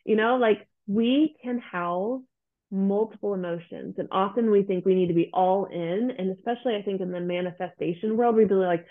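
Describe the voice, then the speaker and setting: A woman's voice: medium pitch, moderate pace. A woman guest, a therapist, speaking earnestly in casual interview talk and acting out her clients' voices. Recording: tinny phone-like line.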